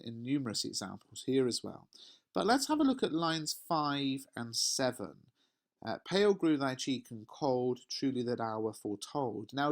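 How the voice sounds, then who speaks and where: A man's voice: medium pitch, fairly bright tone. A man with an English accent teaching a poetry lesson, reading verses aloud and explaining them step by step with rhetorical questions.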